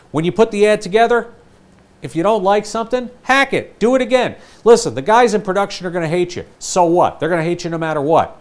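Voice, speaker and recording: An older man leads a sales training session with a lively, swooping delivery. His voice sits a bit high for a man. He acts out what customers and announcers say as he teaches. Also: fairly quick. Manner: animated, acts out customer and ad lines.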